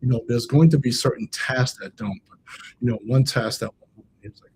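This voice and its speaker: A man's voice: medium pitch, a little fast, noisy background. A man coaching on a livestream. He talks casually, repeats and restates his points for emphasis, and addresses viewers in the chat directly. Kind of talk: livestream motivational talk.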